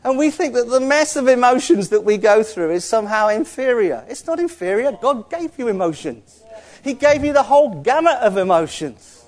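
A man's voice: extremely high pitch, expressive, moderate pace. A man preaching a sermon in an earnest, conversational way, with asides to the congregation.

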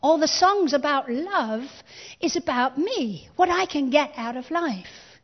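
A woman pastor delivers a sermon in a high, bright-sounding register, taking her time over each phrase. She stresses key words with rising emphasis and invites the congregation to speak along. The recording is dull and lo-fi, like a church capture. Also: expressive, slow pace. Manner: emphatic preaching with call-and-response.

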